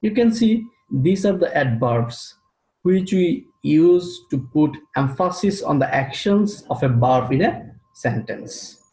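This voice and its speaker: A man teaching an English grammar lesson, speaking slowly and deliberately and repeating key terms for his students. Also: on the high side, animated, dark tone. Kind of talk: recorded classroom lecture. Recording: roomy echo.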